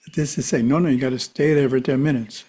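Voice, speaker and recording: A man giving a calm, measured spiritual teaching talk, with side remarks to his listeners. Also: mid-range voice, slightly rough. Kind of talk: teaching talk to a live audience.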